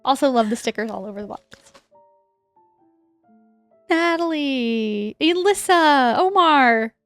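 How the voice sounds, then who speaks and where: Casting: fairly high-voiced woman, enthusiastic co-host, lots of "like", dry studio sound. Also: animated, slow pace, dry recording, faint music behind. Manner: warm and enthusiastic, many fillers like "like". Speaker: podcast co-host. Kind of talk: casual chat, reading listener letters aloud.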